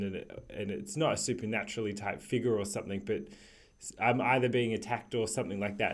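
A podcast co-host in casual chat who laughs easily and reflects on their own experiences. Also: mid-range voice.

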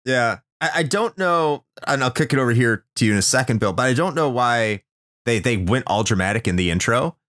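A man's voice: mid-range voice, animated, a bit bright, no echo, studio quality. An enthusiastic man hosting a podcast in easy, casual chat. His voice sits in a middle range, and he often stumbles over and repeats a word before landing his point. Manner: enthusiastic, halting with repeated words. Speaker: podcast host.

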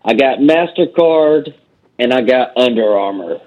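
A man's voice: mid-range voice, expressive, unhurried. A man calling in to a finance show, eager and admiring as he lists his stocks. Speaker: caller. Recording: tinny phone line.

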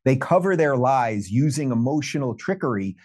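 A man's voice: mid-range voice, animated, moderate pace, a little mellow. Scornful man as talk show guest. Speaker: guest commentator. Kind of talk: political talk show conversation.

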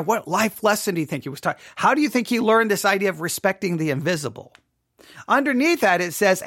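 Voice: medium pitch, vocal fry, a bit bright, no echo, studio quality. Host musing over a devotional reading. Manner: asks listeners rhetorical questions and repeats phrases; reads article lines aloud and comments on them. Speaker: host of a daily devotional talk. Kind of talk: casual devotional talk.

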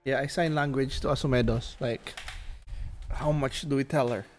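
A man's voice: mid-range voice, fairly even intonation, moderate pace, soft background music. A man playing a tabletop game, chatting bluntly and jokingly. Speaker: player. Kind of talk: casual chat.

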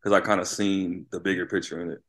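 A man who played college basketball and now coaches high school, telling stories in a casual interview, animated and always checking in with "right?". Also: quick pace. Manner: animated storyteller, keeps asking "right?".

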